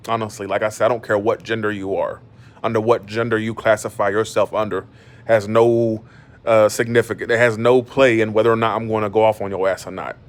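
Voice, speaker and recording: A man in his thirties from Georgia, ranting bluntly to his stream audience from his bed, with many restarts. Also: lowish voice. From Georgia, USA. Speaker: YouTuber. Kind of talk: casual monologue on a live stream. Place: in bed at home.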